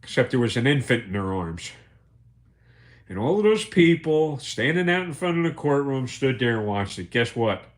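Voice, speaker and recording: A man telling a rough street story on a livestream, loud and profane. He stammers and repeats himself, then acts out the shouting in the story. His voice sits at an ordinary middle pitch. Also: sing-song, normal speed. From United States. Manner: profane, emphatic, repeats words, acts out quotes. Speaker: livestream host. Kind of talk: casual storytelling monologue.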